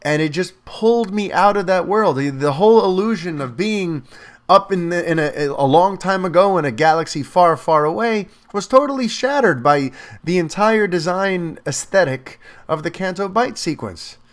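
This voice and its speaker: A man giving a casual spoken film review, animated and talkative, with lots of fillers and restarts. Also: sits high, moderate pace.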